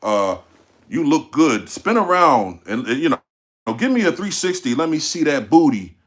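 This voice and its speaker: A man's voice: a little high, sing-song, a little slow, voice pushed up. A man putting on the voice of a smarmy foreign man who flirts crudely in broken English, leering and coaxing.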